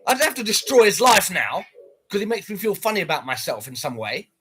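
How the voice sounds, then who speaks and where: A man's voice: high voice, very animated, a little fast, a bit bright, slight background noise. A man livestreaming, ranting to his viewers in an aggrieved, swearing, rambling way.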